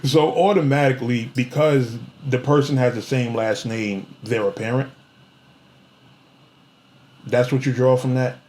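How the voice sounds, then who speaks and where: A man's voice: medium pitch, steady tone, unhurried, long pauses, darkish tone. A young man, ranting at someone to the camera in a vlog, mocking and confrontational, repeating lines for emphasis. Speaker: vlogger. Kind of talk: heated rant to the camera.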